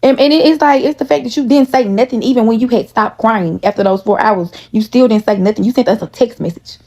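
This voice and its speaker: A woman's voice: a little high, quick pace, warm tone, no room sound. A woman in her thirties telling a storytime vlog directly to her viewers, blunt and heavy on swearing. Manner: blunt, profane and heated, talks straight to viewers. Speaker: storytime vlogger. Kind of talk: casual storytime chat to viewers.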